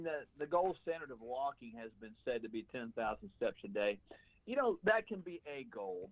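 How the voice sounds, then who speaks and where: A man's voice: mid-range voice, no room sound. A man appearing as a radio show guest, explaining his points in an emphatic coaching manner. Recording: tinny phone line.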